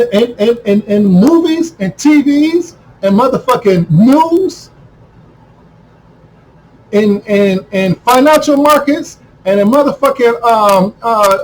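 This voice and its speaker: A man delivering a heated, profane monologue to camera, repeating himself and breaking into shouts. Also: extremely high pitch, a little hiss or hum, low-quality recording. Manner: heated, repetitive, swears constantly, bursts into shouting. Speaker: video commentator.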